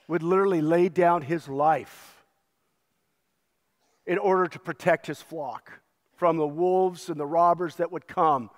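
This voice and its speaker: A man's voice: on the high side, in a large hall. A male pastor preaching a sermon with an emphatic, repetitive cadence.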